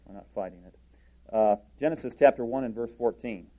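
Deliberate preacher man, lo-fi sermon. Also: mid-range voice. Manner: deliberate, halting, with restarts. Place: church podium.

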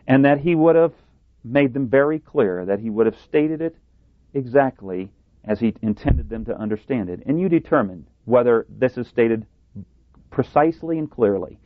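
A man's voice: medium pitch, animated, no echo. Tinny recorded male preacher. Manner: deliberate, emphatic, sometimes sarcastic. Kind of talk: sermon. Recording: tinny phone-like dry sound.

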